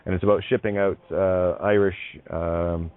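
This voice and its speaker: A man's voice: deep voice, level tone, normal speed, smooth. A man hosting a casual radio chat, rambling and musing, often dropping into mock accents. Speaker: host. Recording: dry tinny phone-like line.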